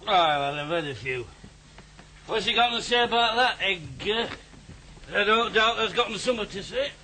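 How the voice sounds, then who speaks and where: A man's voice: high-pitched, animated, normal speed, bright, forceful tone, slight background noise, rough recording. An actor playing a drunken, grieving older father, rambling in dialect with thee and thou. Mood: maudlin. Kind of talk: radio drama.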